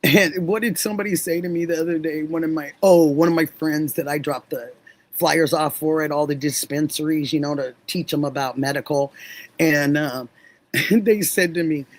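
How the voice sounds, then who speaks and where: A middle-aged woman hosting a livestream, chatting warmly with viewers, effusive and laughing often. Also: low-pitched, moderate pace, low-quality recording. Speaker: livestream host. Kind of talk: casual chat with live viewers.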